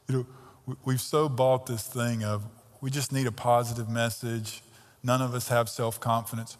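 A man's voice: mid-range voice, normal speed. Emphatic male preacher in an echoing hall. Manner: emphatic and conversational, with rhetorical questions. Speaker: pastor. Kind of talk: sermon. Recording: long reverb of a large hall.

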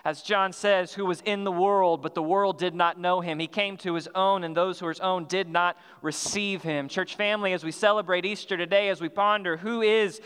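Man preaching, high voice, smooth and resonant, long church hall reverb, earnest measured delivery. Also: fairly even intonation, a bit bright. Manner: earnest, measured preaching with slowed emphatic phrases and some restarts. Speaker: pastor. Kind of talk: sermon. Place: church sanctuary.

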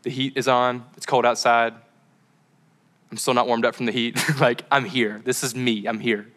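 A man's voice: medium pitch, level tone, normal speed, fairly bright tone. A young man preaching a casual sermon to a live crowd, chatty and rambling with fillers and tangents.

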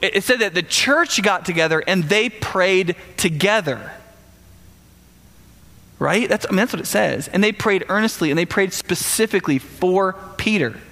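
A man preaching a casual sermon, retelling the story with animated acted-out quotes and asides. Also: sits high, normal speed, in a large hall. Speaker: pastor.

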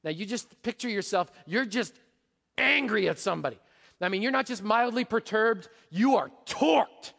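A pastor preaching a sermon, animated, dropping to a hush and rising to a shout. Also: male voice, high voice, normal speed, gravelly, big-room sound. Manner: animated, swings from hushed to shouting.

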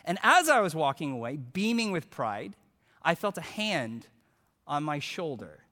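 A male preacher telling a story in a sermon, animated as he acts out quotes, then turning hushed and earnest. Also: on the high side, a little slow, big-room sound.

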